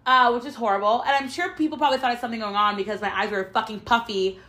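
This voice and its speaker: A young woman with a bright, forceful voice pitched a little high tells a personal story in casual conversation. She talks bluntly, swears freely and acts out the lines of the people in her story. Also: fairly even intonation, racing. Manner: candid storytelling with frequent swearing and quoted dialogue. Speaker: podcast host. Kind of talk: casual chat.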